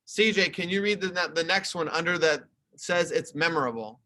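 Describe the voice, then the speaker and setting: A man's voice: on the high side, normal speed, pushed and bright. A young male teacher explaining a lesson to his class over a video call, in a conversational, explaining manner. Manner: explaining, conversational, talks through slides. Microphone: computer webcam mic.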